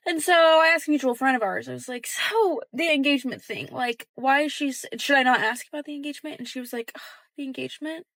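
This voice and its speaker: Bright-voiced young woman telling a story. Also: sits high, quick pace, no room sound. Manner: chatty, acts out quoted dialogue in a hushed voice. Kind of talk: casual storytelling.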